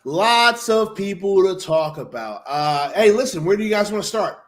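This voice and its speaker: A man co-hosting a casual sports podcast, excitable and profane, breaking into loud outbursts. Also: high-pitched, moderate pace. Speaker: podcast co-host.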